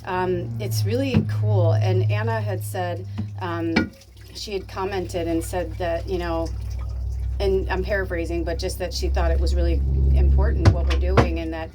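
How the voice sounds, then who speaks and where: A woman's voice: lowish voice, steady tone, unhurried, over loud music. A woman in her fifties chatting casually to camera at home, rambling with lots of fillers and the odd swear word. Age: 50s. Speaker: spiritual medium and channel host.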